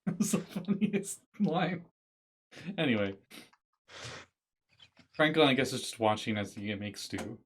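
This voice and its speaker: A man playing a tabletop game, chatting in a relaxed and wry way. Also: medium pitch, unhurried, long pauses, slightly rough. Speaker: player. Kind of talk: casual tabletop game chat.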